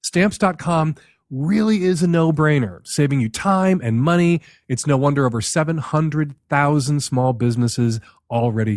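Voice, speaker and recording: A man's voice: on the high side, a little mellow, no echo, studio quality. A man hosting an advice show, reading an ad and then questioning a caller in an emphatic, skeptical way. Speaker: host. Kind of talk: host read ad and advice commentary.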